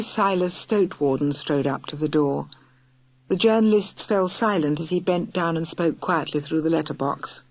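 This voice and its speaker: A woman narrating a children's audiobook in a lively, clear storytelling manner. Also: sits low, normal speed, dry recording. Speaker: audiobook reader.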